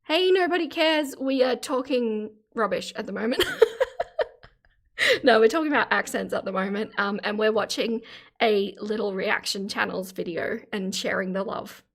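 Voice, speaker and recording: A woman's voice: mid-range voice, normal speed, vocal fry. A middle-aged Australian woman chatting casually on a live stream, reading out chat comments and laughing often.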